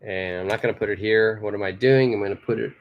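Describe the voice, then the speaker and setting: A man's voice: lowish voice, steady tone, quick pace, muffled recording, a little hiss or hum. A man from Canada teaching English idioms in a live online lesson, explaining patiently and repeating key phrases. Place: home studio in Tokyo.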